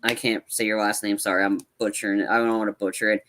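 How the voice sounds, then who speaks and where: A man co-hosting a casual movie podcast, rambling and excitable, with many restarts. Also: on the low side, quick pace, slight background noise. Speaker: podcast co-host.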